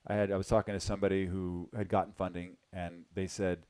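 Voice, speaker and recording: A middle-aged man presenting a sales webinar, animated and exclaiming, talking directly to his audience. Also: deep voice, quick pace, hardly any pauses, clear, resonant tone, dry recording.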